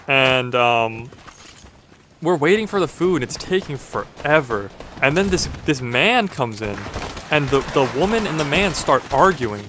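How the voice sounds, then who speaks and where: A man's voice: medium pitch, a bit bright, slight background noise. Rambling young man telling a story. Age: young adult. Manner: rambling, many "like"s and restarts. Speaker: vlogger. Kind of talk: casual storytelling.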